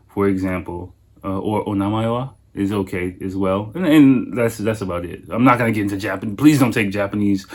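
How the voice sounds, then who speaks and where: Low-voiced male podcast host in his thirties, casual, animated and profane storyteller. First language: English. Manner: animated storyteller, swears freely, laughs often. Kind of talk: casual solo podcast chat.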